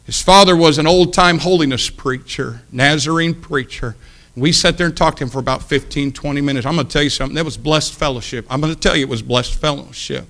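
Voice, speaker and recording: Middle-aged male preacher, animated sermon storyteller, bright tone, slightly high pitch. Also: fast. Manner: animated, breaks into loud shouts.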